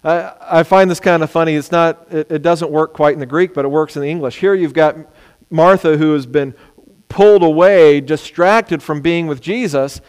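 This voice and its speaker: Guy preaching, kinda high voice, acts out the quotes, big echoey hall. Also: moderate pace, darkish tone, smooth. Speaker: pastor. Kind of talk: sermon. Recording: long hall reverb.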